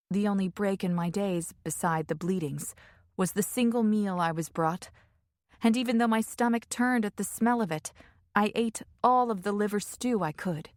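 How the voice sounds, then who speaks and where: A woman reading a first-person fantasy audiobook in a measured, emotive way on a close studio mic. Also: mid-range voice, dry recording. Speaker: audiobook narrator.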